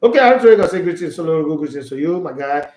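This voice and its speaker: An animated man with a Nigerian accent chats through a casual sports live stream, reading viewer comments aloud and teasing them. His voice sits a little high for a man, and the room adds a clear echo. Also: quick pace. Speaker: sports channel host.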